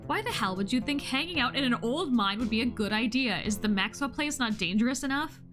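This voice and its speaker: A woman's voice: on the high side, animated, a little fast, over music, natural voice. A woman voicing a bossy, protective store-owner older sister in a visual novel, with an exasperated scolding manner.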